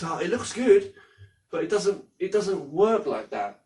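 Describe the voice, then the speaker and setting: A man's voice: fairly high pitch, very animated, normal speed, darkish tone, a little hiss or hum. A man teaching martial arts in a rambling, casual way, demonstrating moves as he talks and swearing freely. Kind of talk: casual spoken lesson. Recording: voice from a distance from the mic.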